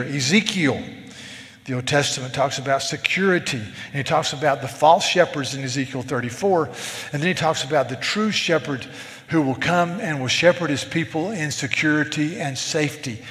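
Pastor, male, slightly high voice, earnest sermon delivery, long hall reverb. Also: normal speed, fairly bright tone. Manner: earnest preaching, quoting scripture aloud.

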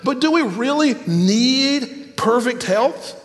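A man preaching a sermon as pastor, emphatic and animated, with pauses for effect. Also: very high voice, big-room sound.

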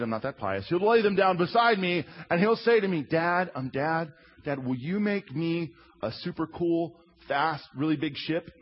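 A man in his thirties, a pastor preaching a sermon with humorous, animated storytelling. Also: high-pitched, slightly rough. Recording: slightly muffled recording.

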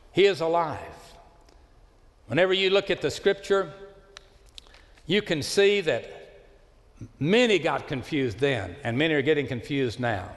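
Pastor, male, mid-high voice, impassioned sermon that drops to hushed asides; long church-hall reverb. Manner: impassioned preaching, swings between loud appeals and hushed asides. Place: church sanctuary with live congregation.

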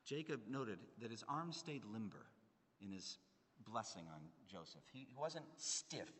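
A man's voice: medium pitch, sing-song, measured pace. Earnest man preaching in a reverberant hall. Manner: earnest, emphatic, swings between loud and hushed. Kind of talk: sermon.

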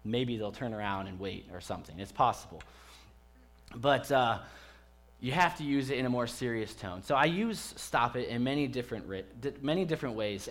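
A man in his thirties, a pastor giving a conversational sermon in a church, chatty and joking with the congregation. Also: mid-range voice.

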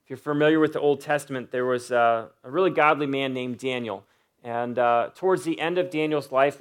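A man preaching a sermon in an earnest way, often pausing on "uh" and building up to emphatic peaks. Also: mid-range voice. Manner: voices imagined inner thoughts of a biblical figure. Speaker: pastor.

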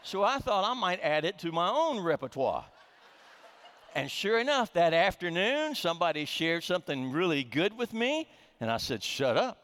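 A man's voice: high-pitched, sing-song, normal speed, fairly bright tone, a little hiss or hum. A middle-aged man preaching a sermon as a pastor, telling a humorous story with frequent restarts, in a reverberant sanctuary. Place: church sanctuary.

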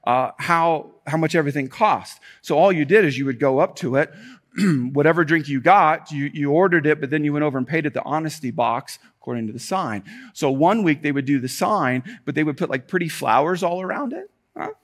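A man preaching a sermon in a fairly high voice. He builds to emphatic, repeated points, then eases into chatty, self-deprecating asides with the congregation. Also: a little fast. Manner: animated preaching with emphatic repetition and rising intensity. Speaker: pastor.

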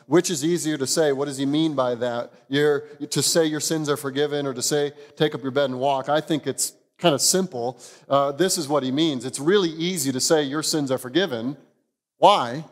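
A man, a pastor, giving an expository sermon, telling the story in an animated way and chuckling now and then. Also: on the high side, normal speed, big-room sound.

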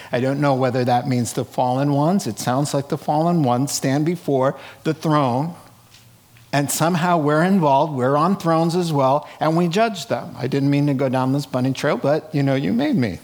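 A man's voice: medium pitch, normal speed. A man preaching a conversational sermon to a live congregation in a church, asking rhetorical questions and often adding "right?". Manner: chatty, asks rhetorical questions, frequent "right?". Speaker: pastor.

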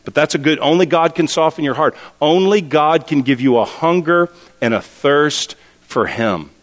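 A man's voice: fairly high pitch, expressive, moderate pace, long reverb tail. A man preaching a sermon as pastor, earnest and repeating key words for emphasis.

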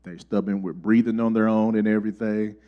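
A middle-aged man preaching a sermon, telling folksy personal stories and getting animated when he acts out dialogue. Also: lowish voice, a little fast, highs cut off. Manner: folksy storytelling, rising animated for quoted dialogue.

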